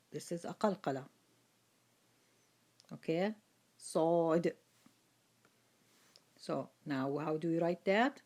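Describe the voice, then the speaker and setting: A woman teaching Quran reading in a slow lesson, patiently sounding out each letter with its vowels and repeating it. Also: fairly low pitch, a little mellow.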